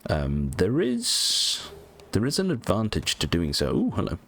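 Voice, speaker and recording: Deep-voiced man chatting over gameplay. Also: wildly swooping pitch, measured pace, fairly bright tone. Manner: rambling, lots of ums, casual swearing, self-mocking. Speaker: gaming channel host. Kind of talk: casual let's-play commentary.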